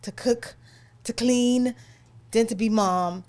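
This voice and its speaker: A woman's voice: a little high, takes it slowly, a little mellow. A woman co-hosting a podcast, affirming the guest and asking questions in a casual chat. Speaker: podcast co-host.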